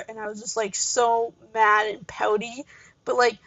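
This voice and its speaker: A woman's voice: fairly high pitch, little pitch movement, a little slow, creaky, a bit bright, no echo. A young woman from Canada hosting a gaming channel, telling a casual story full of fillers and side tangents. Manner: rambling, full of fillers and asides. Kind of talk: casual storytelling while playing a game. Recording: dull lo-fi home mic.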